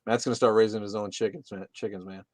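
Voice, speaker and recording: A man's voice: fairly low pitch, fairly even intonation, quick pace, crowd noise. A man co-hosting a casual livestream, reading out chat comments with loose, profane jokes.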